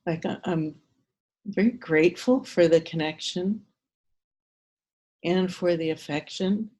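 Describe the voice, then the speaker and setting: A woman on a video call speaks very slowly in a lowish voice. She shares her feelings tenderly and haltingly during a workshop exercise. Her words come with long, thoughtful pauses. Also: warm tone. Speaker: workshop participant. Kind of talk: slow, heartfelt sharing in a training exercise.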